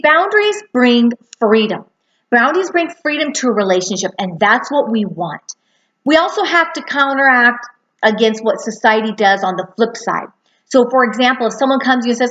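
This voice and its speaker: A woman's voice: fairly high pitch, a bit bright, dull audio. A woman in her thirties or forties teaching a lesson on boundaries, earnestly acting out quoted dialogue. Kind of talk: spoken lesson.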